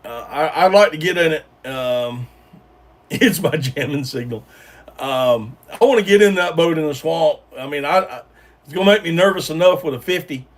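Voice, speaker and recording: A man's voice: fairly high pitch, lively intonation, moderate pace, distant mic. A man hosting a casual livestream, rambling with lots of ums and restarts while chatting with viewers. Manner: rambling, hesitant, full of ums and repeated starts. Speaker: livestream host reading chat. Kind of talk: casual live-stream chat.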